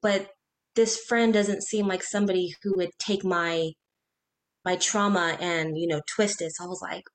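A woman in her thirties, a guest in an interview, telling a personal story in an earnest, halting way, with restarts and quoted speech. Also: fairly low pitch, steady tone.

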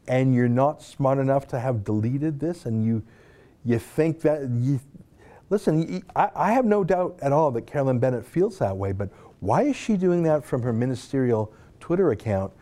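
A man's voice: mid-range voice, expressive, moderate pace, mellow. A man giving a sarcastic, mocking political commentary, reading tweets aloud and scoffing at them.

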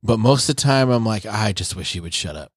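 A man's voice: fairly low pitch, expressive, a little fast, breathy edge, no room sound. Man retelling anime scenes, dry sound. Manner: retells scenes with quoted character lines. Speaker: anime review podcast co-host. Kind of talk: casual chat.

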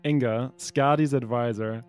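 A man's voice: mid-range voice, fairly even intonation, measured pace, smooth, soft background music. A young adult man as game master, reading pre-written narration for a tabletop game with small slips and restarts.

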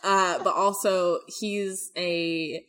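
A woman's voice: on the low side, fairly even intonation, drawn-out words, fairly bright tone. A young woman co-hosting a podcast, chatting casually with lots of fillers and swearing. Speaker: podcast co-host. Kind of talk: casual chat.

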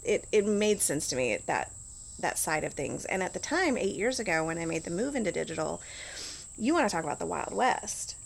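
Low, gravelly middle-aged woman chatting. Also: very animated, fairly quick, a little hiss or hum. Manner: chatty, lots of "like" and restarts. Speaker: guest. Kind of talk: casual interview talk.

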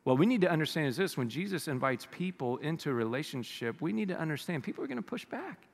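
A man from the United States preaching a sermon, reading scripture and telling stories in an animated way. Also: a little high, fast talker, gravelly, big-room sound. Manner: animated storytelling, acts out quoted voices. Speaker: pastor.

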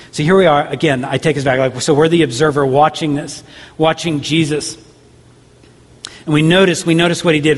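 A man pastor preaching a sermon earnestly, with repeated rhetorical questions. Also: fairly high pitch. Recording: long hall reverb.

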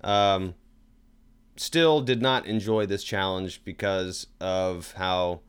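A man's voice: deep voice, steady tone, takes it slowly, clean tone. A man co-hosting a podcast in casual chat, rambling and self-deprecating. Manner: rambling, self-deprecating, tries joke accents. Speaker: podcast co-host.

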